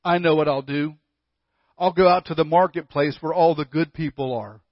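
A man's voice: on the high side, fairly even intonation, normal speed, no echo, dull audio, natural voice. A man voicing a vain, attention-hungry young donkey who brags and then mutters sulkily. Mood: sulky.

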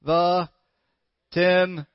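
Pastor, male, higher-pitched, conversational sermon with audience questions, muffled dry recording. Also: flat delivery, very slow, clear, resonant tone, no echo. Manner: conversational, coaxing the congregation, reads scripture aloud.

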